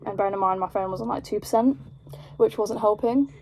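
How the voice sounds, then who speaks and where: A young British woman telling a story in a casual vlog, rambling and animated, with lots of fillers. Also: mid-range voice, moderate pace. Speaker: vlogger.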